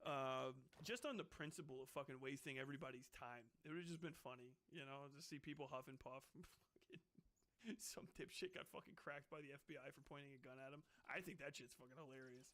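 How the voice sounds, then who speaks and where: A man's voice: medium pitch, fairly quick, fairly bright tone. A man streaming as he reads a book aloud, breaking off for rambling, profane rants and laughing asides. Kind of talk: casual profane commentary on a book.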